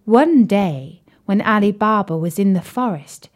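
Telling a children's story, a young woman keeps things playful and animated, now and then falling to a whisper. She speaks in a mid-range voice at a measured pace.

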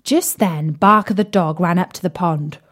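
A young woman telling a children's story in a playful, animated way, sometimes dropping to a whisper. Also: on the low side, normal speed.

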